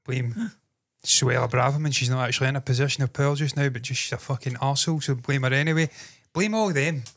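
A man's voice: medium pitch, fast talker, a bit bright. Uk guy co-hosting a reaction vid, swears a lot, goes off on sarcastic rants. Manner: sweary, ranting, sarcastic asides. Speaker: co-host of a reaction channel. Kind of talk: casual reaction chat.

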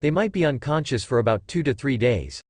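A man's voice: medium pitch, lively intonation, fairly quick, darkish tone, husky, no echo. A man voicing a practical male healer god, speaking in a matter-of-fact way close to his own voice.

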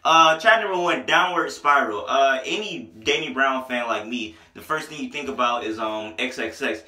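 A man's voice: medium pitch, moderate pace, pushed and bright, reverberant. A young man giving a casual, slangy music review. He jokes and rambles, repeats himself, and sounds worn down by a headache. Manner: loose, joking, slangy, trails off and repeats himself. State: has a headache, low-energy at times. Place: small indoor room.

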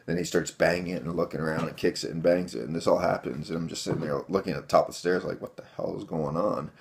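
Deep gravelly man, rambling casual storyteller. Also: steady tone, very fast. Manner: rambling, many fillers, addresses viewers as guys. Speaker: vlogger telling a home defense story.

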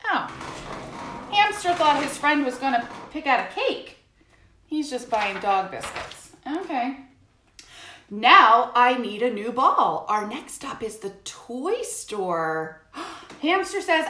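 A woman hosting a children's music show, reading a picture book aloud and talking to the kids in an animated, sing-song way. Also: fairly high pitch, takes it slowly. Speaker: children's music teacher and host. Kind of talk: storytime read-aloud for kids. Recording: echoey room, faint hiss.

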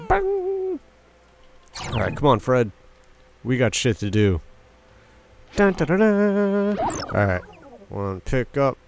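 With a low, darkish voice and a little hiss or hum in the recording, a young man offers casual let's play commentary. He addresses the game's characters and bursts into yelps and silly sound effects.

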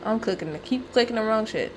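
Against background noise, a woman streams gameplay in a fairly high, animated voice, talking fast. This gaming streamer chats casually, startles easily, and swears and yelps in fright.

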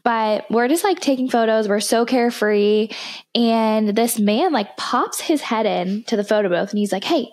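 A woman's voice: fairly high pitch, normal speed, a little mellow. A young woman co-hosting a podcast in casual chat, giggling often as she tells the story. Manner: giggly, laughs often while telling the story. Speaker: podcast co-host.

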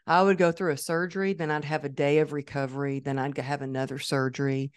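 A woman with a low, smooth and resonant voice talks candidly and upbeat as a podcast guest. The sound is dry and close, with almost no room around it. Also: little pitch movement, fast talker, no echo. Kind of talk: conversational interview. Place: podcast studio.

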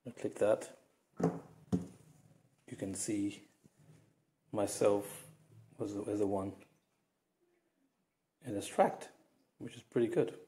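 Low-voiced man demoing a gadget. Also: warm tone, slight background noise. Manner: chatty, step-by-step explaining. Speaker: product reviewer. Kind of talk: casual product demo.

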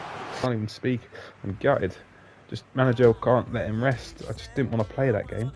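A man giving live, sweary commentary on his own football video game, jumping between excited shouts and flat grumbling. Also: medium pitch, normal speed, music in the background. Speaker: gaming YouTuber.

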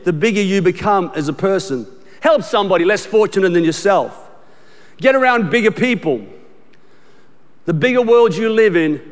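A middle-aged Australian man preaching a sermon as pastor, emphatic and repetitive, often restarting his sentences in a conversational way. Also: high-pitched. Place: large church auditorium. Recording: long church hall reverb.

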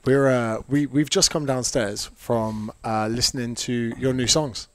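A man's voice: mid-range voice, steady tone, a little slow, a bit bright. Man co-hosting a laid-back home podcast. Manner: cheerful, teasing banter. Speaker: podcast co-host. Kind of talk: casual podcast chat. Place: front room of a house.

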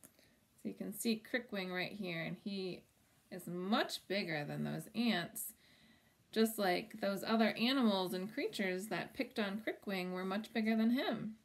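A woman reading a children's picture book aloud at home, gently pausing to talk about the pictures and ask questions. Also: mid-range voice. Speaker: storybook reader for children.

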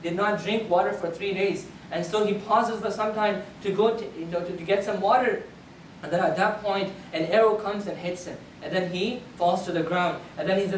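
Earnest male preacher in a roomy hall. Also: high voice. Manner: earnest storytelling with frequent restarts. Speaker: Friday sermon preacher. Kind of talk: Friday sermon, narrating a historical account. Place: prayer hall of a community center. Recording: roomy hall, speaker far from the mic, faint background noise.

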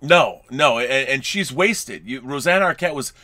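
A man's voice: mid-range voice, lively intonation, a little slow, bright, forceful tone, no room sound. A man co-hosting a movie review show, chatting casually and rambling with many restarts and fillers. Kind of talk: casual film review chat.

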